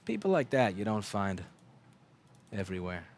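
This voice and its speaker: A man's voice: fairly low pitch, big pitch swings, normal speed, a little hiss or hum. A man hosting a casual livestream from his repair bench, talking bluntly with lots of swearing, fillers and restarts. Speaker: livestream host and repair technician. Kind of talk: rambling casual livestream talk. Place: repair shop workbench.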